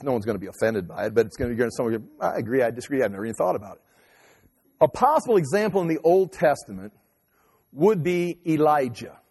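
A man preaching a sermon, telling a scripture story with animated acted-out quotes. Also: fairly high pitch, breathy edge. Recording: long hall reverb.

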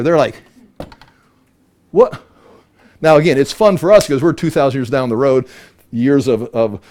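A man teaching a Bible study, emphatic and animated, often repeating words as he works through a point. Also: fairly high pitch.

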